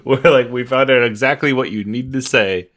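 A man's voice: medium pitch, normal speed, a bit bright. A man co-hosting a comedy podcast, riffing playfully and laughing often in casual chat. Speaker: podcast co-host.

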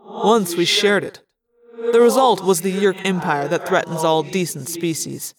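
A reader voicing a bitter, sneering male alien war prince with a gruff, sardonic manner. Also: mid-range voice, little pitch movement, measured pace, crowd noise, lightly acted.

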